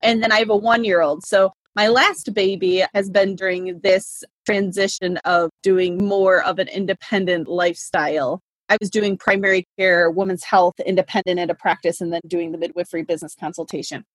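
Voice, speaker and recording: A woman in her thirties talks as a guest in a relaxed interview. Her voice is a little husky and breathy, recorded dry and close. She rambles warmly with frequent "like" fillers. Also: lowish voice, moderate pace, hardly any pauses, no room sound. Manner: chatty, laughs between thoughts, many "like" fillers. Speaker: midwife and business consultant.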